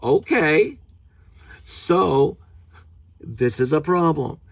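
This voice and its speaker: A man ranting angrily in a vlog, indignant and swearing, mocking others in a high put-on voice. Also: sing-song, very slow, no room sound. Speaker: vlogger.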